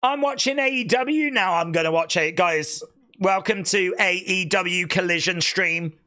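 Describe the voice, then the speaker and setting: A man's voice: high voice, measured pace, bright, forceful tone. A man hosting a live wrestling watch-along, reacting with theatrical mock despair and sarcasm, wailing and groaning. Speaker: wrestling live-stream host.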